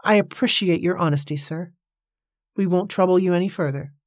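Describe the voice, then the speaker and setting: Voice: mid-range voice, fairly quick, dry recording, studio quality, lightly acted. A narrator voicing a polite, earnest young widow in an audiobook. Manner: polite, gentle.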